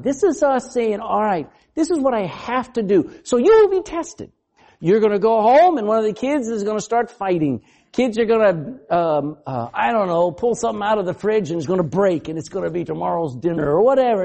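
A male pastor preaching a sermon in a high, mellow voice that swings widely in pitch. He quizzes the congregation, laughs often and acts out the voices he quotes. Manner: animated, asks the congregation questions.

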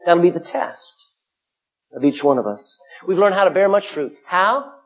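Husky-voiced male pastor preaching emphatically. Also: high voice, animated, moderate pace. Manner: emphatic, swinging between loud calls and hushed asides. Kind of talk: sermon.

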